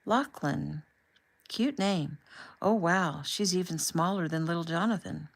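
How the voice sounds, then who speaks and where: Woman voicing a soft-spoken young soldier. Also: on the low side, a little slow, creaky. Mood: warm. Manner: soft, quiet, affectionate. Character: young man, soldier on deployment, tender.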